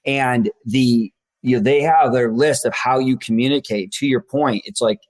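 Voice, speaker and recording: A man chatting casually with relaxed fillers and sharing a workplace anecdote. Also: medium pitch, normal speed, no room sound. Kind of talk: conversational discussion.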